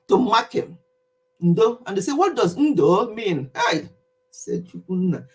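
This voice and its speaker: Nigerian woman in her 50s, husky and breathy, casual animated vlogger monologue, average pitch. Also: unhurried. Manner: chatty, animated, laughs easily, wide swings in pitch.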